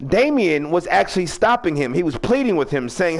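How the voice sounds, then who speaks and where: Animated, gravelly male show host. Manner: rambling and chatty, booming drawn-out ring-announcer calls. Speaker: host of a fan video-game wrestling show. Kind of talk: casual hosted recap with announcer flourishes.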